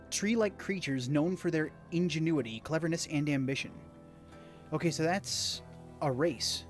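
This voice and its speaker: A man with a higher-than-usual voice plays a story game live, reading the narration aloud. He talks in a casual, chatty way, wandering into rambling asides to his viewers. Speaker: gaming streamer.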